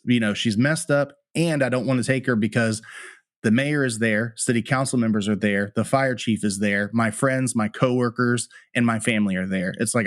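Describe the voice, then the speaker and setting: A man's voice: medium pitch, no room sound, clean studio sound. A man who works as a firefighter and paramedic, candidly retelling a painful personal story as a podcast interview guest. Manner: candid, plainspoken, emotional retelling.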